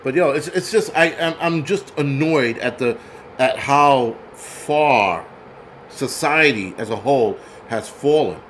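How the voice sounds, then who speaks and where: A man's voice: mid-range voice, slow, a bit bright, slight background noise. A man hosting his own channel, ranting bluntly and profanely in casual commentary with many restarts. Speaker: channel host.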